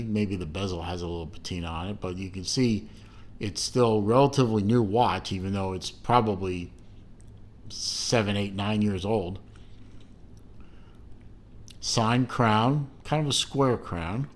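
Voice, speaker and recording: A man's voice: fairly low pitch, measured pace. A middle-aged man giving a casual watch unboxing review, rambling with fillers and self-corrections and dropping dry, self-mocking asides.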